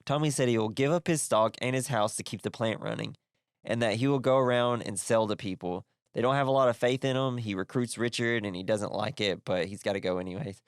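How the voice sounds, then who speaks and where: A man's voice: lowish voice, fairly quick, clean tone, dry recording, clean studio sound. A man co-hosting a casual movie podcast, eagerly retelling scenes and acting them out with laughter. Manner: animated recapping, acts out scenes with shouting and laughing. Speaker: podcast co-host.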